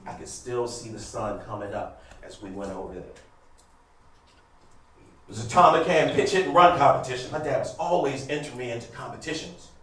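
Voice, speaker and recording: A man's voice: medium pitch, animated, a little fast, fairly bright tone. Man in his fifties telling a story in an echoey hall. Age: 50s. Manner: conversational, emphatic, speaks to the audience directly. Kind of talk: live personal storytelling on stage. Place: live event venue, large room. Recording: echoey hall, voice heard from a distance.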